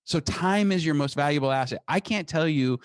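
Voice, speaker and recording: A man's voice: on the high side, fairly quick, clean tone, dry recording. A man, a company founder, talking energetically as an interview guest, often restarting and repeating words. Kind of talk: conversational podcast interview.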